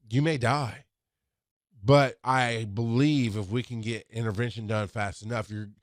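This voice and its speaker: A man's voice: fairly low pitch, no room sound, clean studio sound. A middle-aged man giving an informal teaching talk as an instructor, speaking candidly and rambling with restarts, acting out bits of dialogue. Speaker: EMS instructor.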